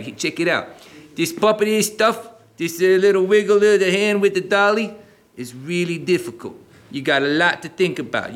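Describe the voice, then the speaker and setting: A man doing a cocky, high-voiced wisecracking puppet. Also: fairly bright tone. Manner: cocky, joking, talks out of the side of his mouth. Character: brash wisecracking male puppet showman. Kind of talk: live puppet comedy.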